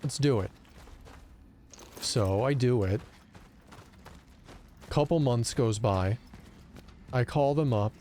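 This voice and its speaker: A young man streaming a game, telling a story in an animated, profane rant and acting out both sides of a phone call. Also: mid-range voice, takes it slowly, long pauses, slight background noise. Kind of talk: casual live-stream storytelling while gaming.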